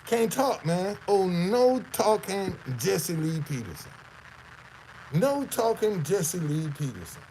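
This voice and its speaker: A man's voice: sits high, sing-song, slow pace, mellow, a little hiss or hum, rough recording. A man from the Southern United States with a Southern accent, hosting casual commentary on a clip; he talks emphatically, repeats phrases and throws out rhetorical questions. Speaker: host.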